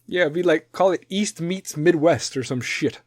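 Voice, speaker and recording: Podcast host, male, Chicago accent, profane political rant, slightly high voice, dry close sound. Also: moderate pace, no room sound. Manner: loud, profane, rambling, does mocking voices.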